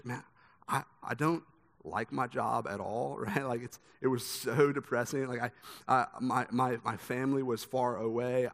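A man's voice: fairly low pitch, fairly bright tone. A young man preaching a sermon, speaking conversationally with a lot of repeated words as he tells stories. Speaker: pastor. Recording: long hall reverb.

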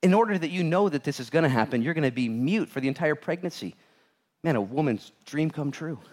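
A man's voice: on the high side, fairly quick. A man preaching a sermon as a pastor, telling stories with acted-out voices and jokes. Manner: animated storytelling, acts out voices of characters; jokey, laughs at own jokes.

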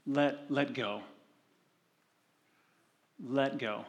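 A male pastor giving a sermon, talking conversationally and slowing down to read scripture. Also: mid-range voice, dull audio. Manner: conversational preaching with animated retold stories; slows and softens for scripture reading.

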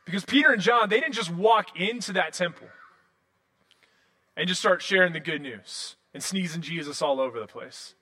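A man in his thirties preaching a sermon in a casual, animated storytelling way, full of "like" and restarts. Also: high voice. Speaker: pastor.

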